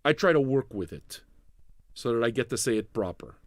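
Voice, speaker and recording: The sound is dry and studio-clean as a man, talking fairly quickly, hosts a live music stream as a streaming radio DJ. Profane and rambling, he jokes with viewers about their messages, going animated and suddenly loud before sinking into a low mumble.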